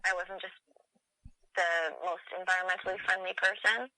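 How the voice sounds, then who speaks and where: A woman's voice: fairly low pitch, flat delivery, normal speed, pushed and bright, no room sound, rough recording. A young woman from Canada chatting casually as a podcast guest, self-deprecating and full of fillers. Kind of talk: casual chat.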